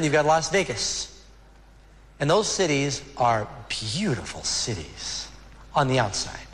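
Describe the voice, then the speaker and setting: Pastor, male, earnest sermon delivery with a slightly raised pitch, reverberant hall and faint background hiss. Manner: earnest preaching with dramatic slowdowns.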